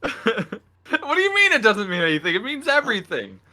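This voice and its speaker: A man's voice: high-pitched, wildly swooping pitch, moderate pace, sharp tone. A young man on a live game stream, giggling, swearing and defending himself with friends. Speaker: streamer co-host.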